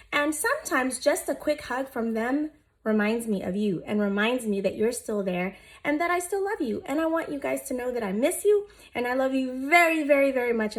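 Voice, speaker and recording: A woman in her thirties, a teacher, reading a children's picture book aloud in an expressive, gentle voice and talking directly to her young listeners. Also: high-pitched, normal speed. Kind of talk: storybook read-aloud for children.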